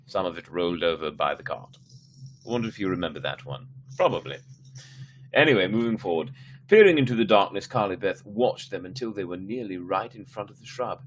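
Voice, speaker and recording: A man with a fairly low voice reads a children's horror book aloud to his family over a live stream. He trips over words and fixes them as he goes, and now and then drifts off into casual chat. A faint hum of room ambience sits under the voice. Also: lively intonation, brisk. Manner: reads with frequent slips and restarts, breaks off to chat. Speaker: storyteller reading aloud to his mother.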